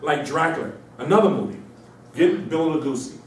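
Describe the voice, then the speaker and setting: A man from Mauritania giving an informal, animated lecture to a small audience, repeating himself and slipping into mocking voices. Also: fairly high pitch, a little fast, slight background noise. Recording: echoey room, distant mic.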